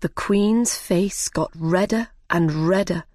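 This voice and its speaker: Learner-story narrator: woman, slow and clear, dry close mic. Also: fairly low pitch, darkish tone, no echo. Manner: clear, deliberate.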